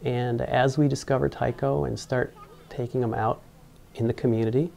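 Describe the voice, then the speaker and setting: A man's voice: mid-range voice, fairly even intonation, moderate pace, creaky, dark tone, a little hiss or hum. A man being interviewed, telling a personal story in a rambling way with many fillers and restarts. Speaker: engineer interviewed about mascot costuming.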